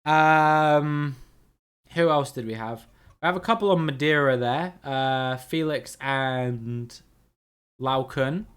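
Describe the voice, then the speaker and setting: Chatty man streaming with a slightly high voice. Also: a bit bright, smooth. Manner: chatty, reads out viewer names, swears casually; upbeat, laughs easily. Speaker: streamer playing a geography guessing game with chat. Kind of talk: casual live-stream chat.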